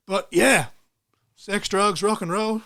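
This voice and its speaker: A young man co-hosts a laid-back podcast in a slightly high voice. He rambles excitedly from one plug to the next, swearing freely as he goes. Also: takes it slowly, gravelly. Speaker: podcast co-host. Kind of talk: casual podcast chat.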